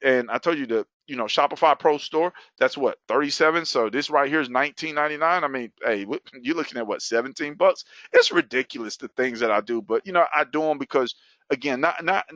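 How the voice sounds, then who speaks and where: A man hosting a webinar and giving an excited sales pitch, whooping and laughing between offers. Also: fairly quick, no echo. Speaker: webinar host. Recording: dull lo-fi dry sound.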